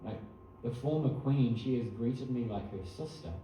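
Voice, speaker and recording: Brief: New man, casual storyteller, mellow voice, distant mic in a very echoey hall. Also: mid-range voice, moderate pace, a little hiss or hum. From New Zealand. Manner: chatty, self-correcting, laughs softly at own asides. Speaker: storyteller at a temple program. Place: temple hall.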